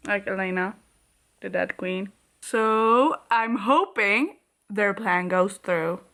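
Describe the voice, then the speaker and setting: A woman chatting casually in a reading vlog, gushing and reacting to a story, laughing often and sometimes dropping to a soft murmur. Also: medium pitch, slow pace. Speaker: book vlogger.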